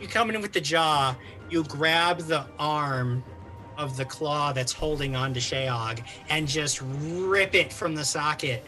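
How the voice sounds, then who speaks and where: A game master narrating a live tabletop game, animated and full of quick fillers. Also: mid-range voice, faint music behind.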